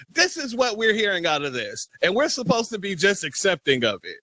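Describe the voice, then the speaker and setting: A man co-hosting a live online debate, animated and mocking. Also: sits high, fairly quick, hardly any pauses, dry recording. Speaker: stream co-host. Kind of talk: heated live stream debate.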